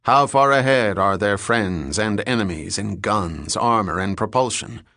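A commanding, grandiose naval captain, as a man reads him in an audiobook, pressing each point with building emphasis. His voice sits fairly low and sounds close and dry. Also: unhurried, bright, forceful tone, dry recording. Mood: fervent.

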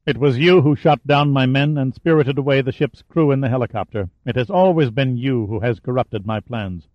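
A man voicing a gaunt giant villain who speaks in a cold, calm, clipped way, on a dry, slightly dull recording. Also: mid-range voice, normal speed, no echo, lightly acted.

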